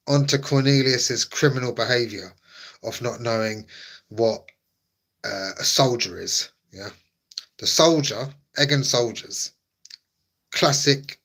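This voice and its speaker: Man, live streamer, casual chat, teasing and mock-dramatic, bright tense voice. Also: medium pitch.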